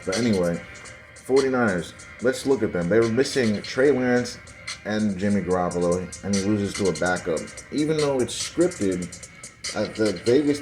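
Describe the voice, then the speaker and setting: Man, deep voice, casual football commentary, dismissive, faint music underneath. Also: darkish tone, low-quality recording. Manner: conspiratorial, dismissive, talks to viewers directly. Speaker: sports video host. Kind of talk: casual commentary over game footage.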